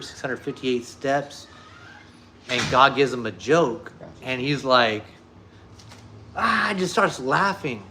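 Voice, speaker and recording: A man with a bright, forceful voice chats casually with his viewers. He rambles through a story, swearing often and stumbling over filler words. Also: medium pitch, a little hiss or hum. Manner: profane, rambling, full of fillers. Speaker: streamer talking to viewers. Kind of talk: casual chat and joke telling.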